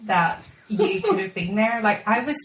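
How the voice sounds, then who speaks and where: A woman co-hosting a podcast in casual chat, telling stories and teasing in an animated way. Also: medium pitch, moderate pace, echoey room, a little hiss or hum, poor audio. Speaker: podcast co-host.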